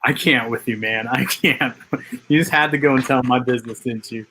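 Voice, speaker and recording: A man joins a livestream as a guest and teases the host back with mock exasperation. His voice is bright and sharp. A faint hiss sits behind him. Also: medium pitch, fairly even intonation, normal speed, low-quality recording. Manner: teasing, exasperated banter. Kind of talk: casual livestream chat.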